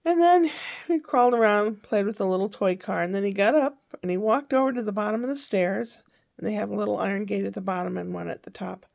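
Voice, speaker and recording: Chatty older woman with a gravelly voice. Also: medium pitch, quick pace, darkish tone, lo-fi sound. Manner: rambling, chatty, self-correcting. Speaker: vlogger. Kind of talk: casual diary-style chat.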